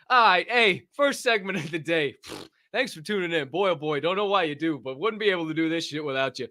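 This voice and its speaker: A young man hosting a livestream podcast, loud and joking, swearing freely and laughing at himself. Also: fairly high pitch, expressive, fairly quick, dry recording, studio quality. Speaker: podcast host. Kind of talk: loose, profane livestream chat.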